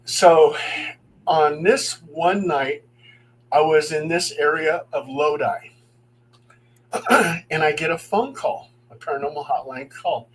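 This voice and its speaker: A middle-aged man, a paranormal investigator, telling true ghost stories in an animated way, acting out the voices he quotes. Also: on the high side, a little hiss or hum, low-quality recording. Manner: animated, acts out quoted voices, chuckles as he talks. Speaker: paranormal investigator and guest storyteller.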